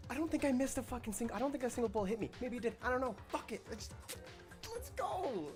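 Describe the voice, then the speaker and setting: A woman streaming a game late at night, swearing and hyping herself up in hushed, casual commentary. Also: a little high, big pitch swings, fast talker, over music. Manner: profane, hyped, muttering to herself. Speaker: gaming streamer. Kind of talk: casual let's-play commentary. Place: home at night, speaking quietly.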